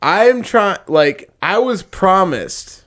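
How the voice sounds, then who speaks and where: A man's voice: high-pitched, lively intonation, takes it slowly, fairly bright tone. A young man chatting casually on a podcast, rambling and exasperated, swearing often. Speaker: podcast co-host. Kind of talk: casual chat.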